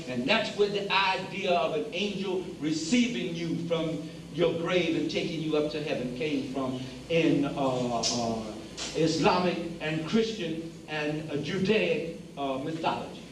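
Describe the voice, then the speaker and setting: Speaking at an unhurried pace in a slightly high voice, this man lectures an audience like a preacher, addressing them as brothers and sisters and hammering points home by repeating phrases. The hall sounds roomy, he is distant from the microphone, and a faint hiss runs underneath.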